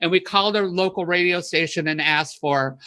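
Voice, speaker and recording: A woman guest on a podcast, chatting casually and telling animated stories that she acts out in loud bursts. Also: on the low side, normal speed. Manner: animated storyteller, voices her past panic in loud bursts. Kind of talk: casual chat, storytelling.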